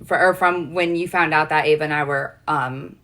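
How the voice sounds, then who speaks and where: A woman's voice: low-pitched, fairly even intonation, normal speed, fairly bright tone. A young woman telling a personal story in casual chat, rambling and earnest, with lots of fillers and restarts. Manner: emotional, earnest.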